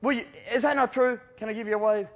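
Animated preacher, high bright voice. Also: male voice, quick pace, muffled recording. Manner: animated, shouting bursts and hushed asides. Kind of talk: sermon with comic storytelling.

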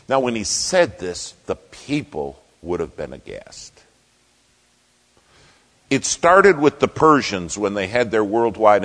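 A low-pitched male pastor delivering a sermon in a church sanctuary. He preaches emphatically, rising to loud declarations and dropping to hushed asides. His voice rings with the long reverb of a large hall.

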